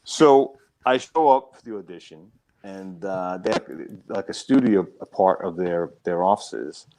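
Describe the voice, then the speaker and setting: A man, a comedy club owner, telling a lively story in casual chat and acting out the other voices. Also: low-pitched, measured pace, slight background noise, poor audio. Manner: animated, acts out quoted voices.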